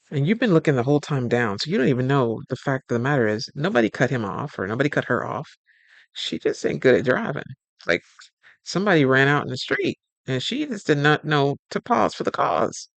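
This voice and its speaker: A man's voice: mid-range voice, big pitch swings, brisk, creaky, fairly bright tone, dry recording. A man hosting a casual advice talk on relationships, speaking in a loose, colloquial way and acting out little scenes. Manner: chatty, acts out little scenes in quoted voices.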